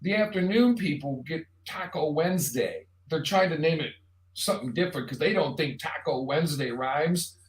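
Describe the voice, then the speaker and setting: A man's voice: a little high, animated, normal speed. A man hosting a live online show, talking casually in a rambling, jokey monologue straight to the viewer. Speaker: show host. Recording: roomy echo.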